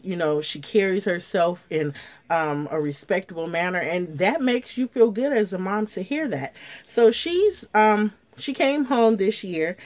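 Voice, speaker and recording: A middle-aged woman, telling a personal story to her viewers in a casual, emotional way, near tears. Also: on the low side. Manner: emotional, chatty, addresses viewers as ladies. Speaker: vlogger. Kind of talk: casual story time chat to camera.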